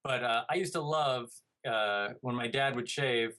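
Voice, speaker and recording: A man's voice: medium pitch, measured pace, pushed and bright. A man in his thirties, a comedian guest, telling stories in a casual interview, rambling and restarting with playful asides.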